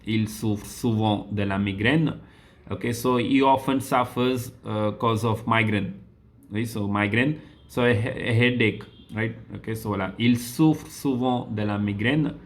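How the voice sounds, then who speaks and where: A man teaching French grammar as a lesson, going through exercises slowly, repeating sentences and spelling words out letter by letter. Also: lowish voice, steady tone. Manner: frequent "okay" and "so" fillers. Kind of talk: classroom lesson walkthrough.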